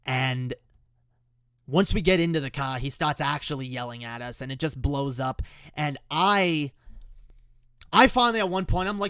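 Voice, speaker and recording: A man's voice: fairly high pitch, pushed and bright, clear, resonant tone, dry recording, studio quality. Raw-voiced young man telling a hard story. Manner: raw, emotional, swears often, halting restarts. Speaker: musician telling the story behind a song. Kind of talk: personal storytelling.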